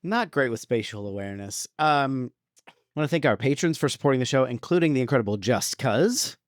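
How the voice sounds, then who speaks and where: A man co-hosting a casual movie chat podcast, joking as he reels off plugs and a list of supporter names. His voice sits in an ordinary middle pitch. The sound is close and dry. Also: expressive, fairly quick, no echo. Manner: joking, reads listener plugs and patron names. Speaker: podcast co-host.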